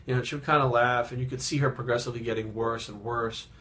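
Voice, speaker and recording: A man in his thirties tells a personal story in a subdued, reflective tone. His talk rambles and halts, full of restarts and casual swearing. His voice sits at an ordinary middle pitch. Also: fairly even intonation, sharp tone. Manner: rambling, halting, with frequent swearing. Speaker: fitness vlogger.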